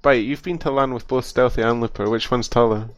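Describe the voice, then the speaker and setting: A man's voice: medium pitch, steady tone, fairly quick. A man co-commentating an online game broadcast, joking and teasing the others in casual banter.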